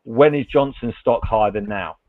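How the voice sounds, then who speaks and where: A man's voice: medium pitch, normal speed, no echo. A man as a panel guest in a casual football discussion, chatty and playful. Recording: tinny phone-like remote line.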